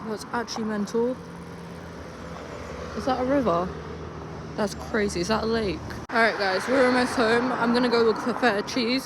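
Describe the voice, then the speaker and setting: A woman's voice: on the high side, background noise. A young woman, chatting casually and rambling with self-mocking asides as she vlogs. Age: young adult. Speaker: vlogger. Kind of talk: casual vlog chat. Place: outdoors, walking through town.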